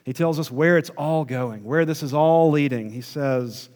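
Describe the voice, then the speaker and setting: Guy preaching slow, leans hard on words then goes quiet, big echoey church hall. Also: fairly high pitch. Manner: slow, emphatic preaching, dropping to a hush at key words. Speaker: pastor. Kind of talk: sermon. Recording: long hall reverb.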